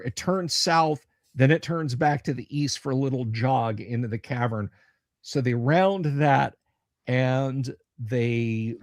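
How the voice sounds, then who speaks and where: Guy dm-ing a tabletop game live, slow and halting, dry close sound. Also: medium pitch, dry recording. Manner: halting, many fillers, joking asides. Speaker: game master. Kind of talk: narrating a tabletop game livestream.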